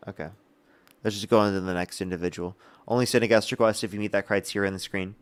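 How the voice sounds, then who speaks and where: A young man hosting a live political call-in debate, combative and incredulous with quick retorts. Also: on the low side, clear, resonant tone. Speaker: livestream debate host.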